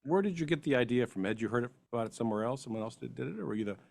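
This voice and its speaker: A male host asks his guest questions in a soft-spoken, gently probing way. His pitch sits in the middle range, and the sound is dry with no room echo. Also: lively intonation, very fast, vocal fry. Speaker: podcast host, interviewer. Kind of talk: interview questions.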